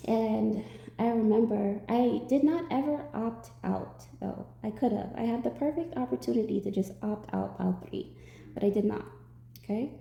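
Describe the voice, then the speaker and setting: A woman, a tarot reader, telling a personal story to her viewers in a lively way, acting out what people said. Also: fairly high pitch, moderate pace, gravelly, echoey room. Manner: animated storytelling, acts out quotes.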